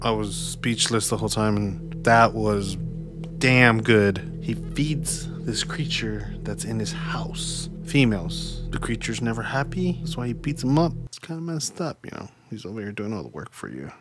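A man hosting a reaction video, giving casual commentary with loud exclamations and joking asides. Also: lowish voice, lively intonation, normal speed, hardly any pauses, over music.

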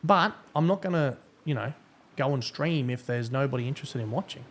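A man's voice: medium pitch, lively intonation, brisk, fairly bright tone. A man giving casual, profane, rambling live-stream commentary as a game streamer.

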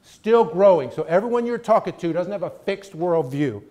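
A middle-aged man, here a guest lecturer, gives a conversational college lecture in a high-pitched, animated voice with a dark tone at normal speed. He's emphatic and keeps checking in with the audience by asking "right?"

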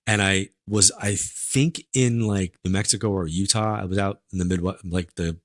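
A low-voiced man tells stories as a podcast guest. His talk is chatty and animated, packed with fillers. The recording is dry and close. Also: normal speed, dry recording. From New York. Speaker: psychic medium guest. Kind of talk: casual interview storytelling.

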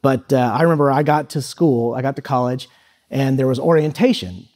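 In a storytelling talk at a high school, a guest speaker in his thirties recounts something from his own life loosely, leaning on many fillers. His mid-range voice has a darkish tone and moves fairly quickly.

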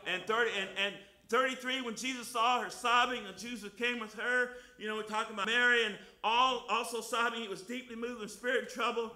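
Fervent older man preaching, bright echo. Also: extremely high pitch, fairly even intonation, a little fast, hardly any pauses. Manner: fervent, shouting hallelujahs, drops soft for scripture. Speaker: guest preacher. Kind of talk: lively Easter sermon with scripture reading.

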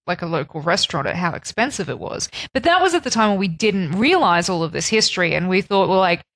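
Lively woman co-host, dry close sound. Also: lowish voice, fast talker, no echo. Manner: lively, reactive, chiming in. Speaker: podcast co-host. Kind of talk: casual chat.

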